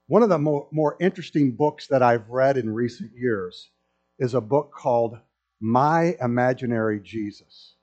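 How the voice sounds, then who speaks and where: A man's voice: medium pitch, normal speed, faint music behind. A middle-aged man preaching a sermon to a congregation, telling stories with humor. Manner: storytelling with humor, animated. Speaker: pastor. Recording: dull lo-fi sound.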